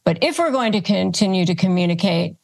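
A woman hosting an advice podcast, walking through her points one by one and modeling calm phrases aloud in a steady, methodical way. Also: on the low side, brisk, vocal fry. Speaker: podcast host giving advice. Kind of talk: instructional monologue.

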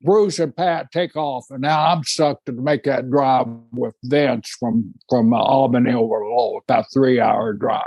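A man in his sixties co-hosts a casual chat, telling stories in a folksy, unhurried way. His voice sits in a middle pitch. The sound is close and dry, with no room in it. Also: fairly even intonation, a little mellow, husky, no room sound, lo-fi sound. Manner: folksy, drawn-out storytelling with laughs. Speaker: podcast co-host.

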